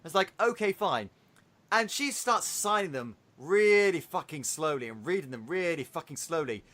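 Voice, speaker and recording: A man hosting a podcast, retelling a film in a casual, animated way with swearing. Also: on the high side, normal speed. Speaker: podcast host.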